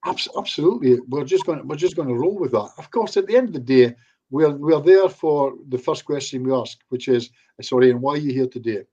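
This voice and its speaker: A man's voice: fairly high pitch, animated, fairly quick, dark tone, husky, highs cut off. A man, a hypnotherapist chatting casually in an interview and acting out bits of client talk. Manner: chatty, acts out quoted voices in asides. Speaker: hypnotherapist guest. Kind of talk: casual online interview chat.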